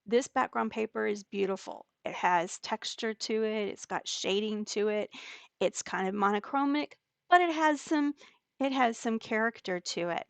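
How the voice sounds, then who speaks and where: A woman teaching a digital scrapbooking layout step by step, talking slowly and patiently with occasional fillers. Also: on the high side, gravelly, no room sound. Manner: slow, step-by-step explaining with fillers. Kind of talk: screen-recorded software tutorial.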